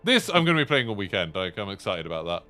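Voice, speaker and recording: A man's voice: on the low side, big pitch swings, fast talker, pushed and bright. A man in his thirties chatting casually to viewers while streaming, rambling with lots of fillers. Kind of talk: casual live-stream chat.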